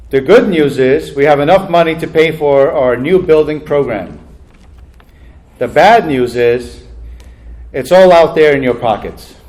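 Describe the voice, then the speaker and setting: A man emceeing a banquet, cracking jokes in a chatty, self-deprecating manner and chuckling at his own punchlines. His voice sits somewhat high for a man, and he speaks into a handheld mic in a banquet hall. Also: darkish tone. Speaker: master of ceremonies.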